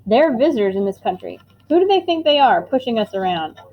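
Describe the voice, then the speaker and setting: A woman reading a storybook and voicing a gruff, blunt middle-aged father who scolds forcefully. She speaks a bit higher than her usual narration, on a dull recording with a faint hiss. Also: sing-song, fairly quick. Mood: scolding.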